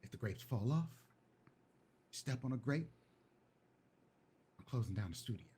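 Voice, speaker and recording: A man's voice: mid-range voice, expressive, unhurried, mellow, a little hiss or hum, lightly acted. A man voicing an eccentric, bossy male music producer who sets strange rules in a drawling manner.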